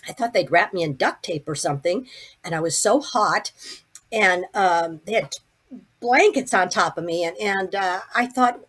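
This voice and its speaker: Husky older woman telling her story. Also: mid-range voice, normal speed. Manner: vivid, animated retelling with many restarts. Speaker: podcast guest. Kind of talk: personal storytelling.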